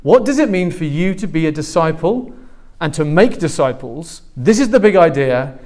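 A pastor from England with an English accent preaches a sermon to a live congregation in a church hall, warm and joking as he talks with them. His voice is on the high side, with lively intonation and a moderate pace.

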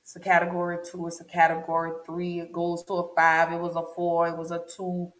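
A woman recounts a personal story straight to camera, her voice sitting low and deliberate. She leans on repetition for emphasis, and the recording carries a noticeable room echo. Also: completely flat delivery. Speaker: vlogger. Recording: echoey room.

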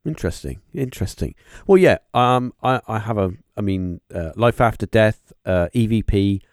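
A man hosting a podcast interview, talking in a halting, musing way with lots of fillers and restarts. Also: on the low side, lively intonation, no echo, studio quality. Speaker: podcast host. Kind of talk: casual interview chat.

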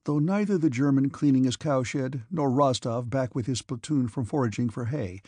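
A man giving a steady, measured audiobook narration of a classic novel. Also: mid-range voice, husky, no echo. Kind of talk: scripted narration.

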